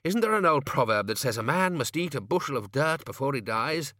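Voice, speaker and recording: A man's voice: medium pitch, very animated, brisk, bright, forceful tone, no room sound, voice pushed up. Guy doing a glum head waiter, dry close sound. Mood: gloomy. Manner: gloomy. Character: gloomy male head waiter.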